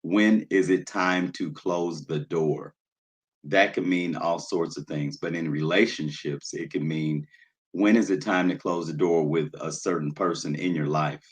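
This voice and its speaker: A man's voice: low-pitched, steady tone, a little slow. A man hosting a casual livestream, talking loosely with lots of fillers and greeting viewers in the chat by name. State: nervous, jittery. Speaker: livestream host.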